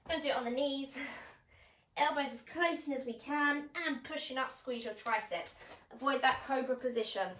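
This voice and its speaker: A woman's voice: sits high, sharp tone, reverberant, recorded from a distance, a little hiss or hum. A woman coaching a live online workout class, chatty and encouraging, a bit out of breath as she demonstrates the moves. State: slightly out of breath. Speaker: fitness coach.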